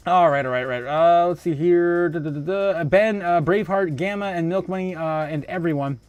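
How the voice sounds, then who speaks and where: A man's voice: fairly high pitch, normal speed, a little mellow, smooth, no room sound. A man hosting a casual livestream, reading out viewer comments, laughing often and trailing off into fillers and exclamations. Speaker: livestream host.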